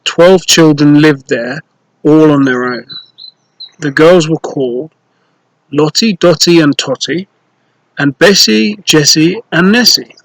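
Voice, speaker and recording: A man reading a children's storybook aloud, slow, clear and playful, with rhymes. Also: fairly high pitch, fairly bright tone, rough recording.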